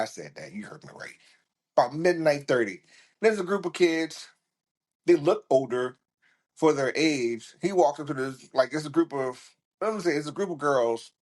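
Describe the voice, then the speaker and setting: A male podcast host tells a story in a loose, animated way. He swears freely and breaks into laughter, and his voice sits a little higher than most men's. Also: normal speed. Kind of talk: casual storytelling.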